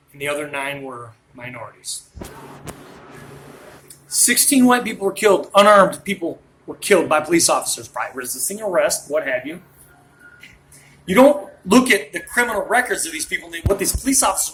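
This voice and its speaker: A man in his late thirties rants in a monologue, worked up and rambling as he jumps from point to point. His voice is high-pitched and fairly bright, and the rough recording carries slight background noise.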